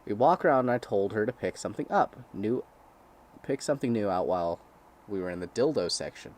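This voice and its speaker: A man's voice: fairly low pitch, expressive, a little fast, a little mellow. A young man with a crude, sarcastic manner, reading blog posts aloud and breaking off to comment and laugh.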